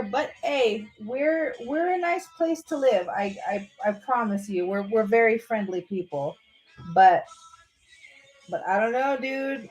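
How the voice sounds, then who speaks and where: A woman chatting on a livestream from her bed at her computer, rambling casually, saying "dude" and restarting her sentences often. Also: fairly high pitch. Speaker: vlogger on a livestream. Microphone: computer microphone.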